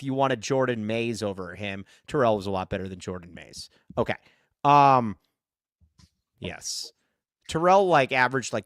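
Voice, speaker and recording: A man's voice: mid-range voice, smooth, no echo, studio quality. A man hosting a sports podcast, chatting casually and joking, rambling with lots of fillers. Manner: animated, jokey, rambling with many fillers. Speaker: podcast host.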